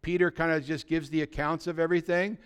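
A man preaching a Good Friday sermon, retelling the story with animated, humorous asides. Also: on the high side, fast, clear, resonant tone. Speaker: pastor.

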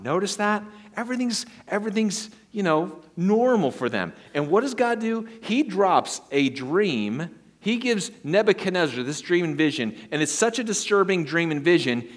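Lively preaching man, rising to emphatic peaks. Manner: expository, reads scripture then explains with lively asides; swings from low quiet stresses to high emphatic peaks. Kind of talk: sermon.

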